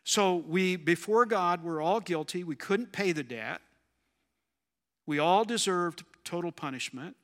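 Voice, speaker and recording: A man delivers a sermon in a slightly high, forceful and bright voice. He talks conversationally and keeps asking the congregation questions. His voice rings with a long hall reverb. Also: a little slow. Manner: conversational, asks the audience questions. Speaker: preacher.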